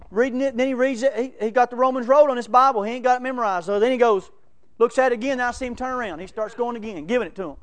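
A man preaching a sermon, telling folksy stories and laughing between them. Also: very high-pitched. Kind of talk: sermon with storytelling.

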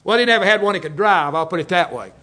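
A man's voice: high-pitched, lively intonation, fast talker, sharp tone. An older man preaching a folksy, joking sermon, telling stories and chuckling often. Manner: jokey, storytelling, chuckles often.

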